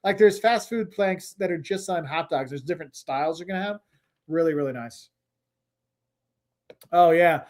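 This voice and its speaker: Middle-aged male host, fairly high voice, loose conversational delivery, drifts between viewer questions. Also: normal speed, pauses often. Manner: chatty, rambling, reads viewer comments aloud. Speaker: travel livestream host. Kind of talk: casual livestream Q&A.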